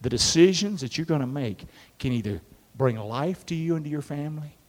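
Male pastor, lively call-and-response sermon, fairly high voice, long hall reverb. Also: a little fast. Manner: animated, call-and-response preaching with acted-out biblical voices.

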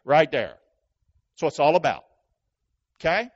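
A high-voiced male pastor preaches to his congregation. He calls for answers, booms out lines and then drops to a near whisper. The church recording sounds dull and muffled. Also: very animated, normal speed. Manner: call-and-response preaching, swings from shouting to hushed. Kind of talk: sermon.

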